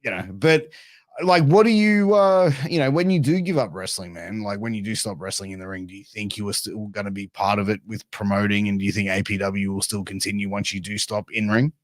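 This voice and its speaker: A man hosting a podcast, asking questions in an excitable, laid-back way with plenty of swearing. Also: on the low side, brisk, no echo, studio quality. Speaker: podcast host. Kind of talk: casual podcast interview.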